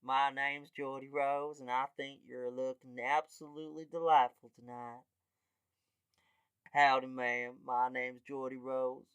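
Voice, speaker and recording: Guy putting on a drawly cowboy tech founder, slow and courtly, super dry close sound. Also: mid-range voice, flat delivery, a bit bright, clean tone, no room sound. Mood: folksy.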